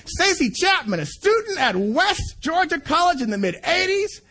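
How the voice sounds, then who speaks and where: A middle-aged man preaching a sermon and telling a personal story, animated, repeating himself and laughing between phrases. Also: very high-pitched, moderate pace. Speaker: preacher at a student conference.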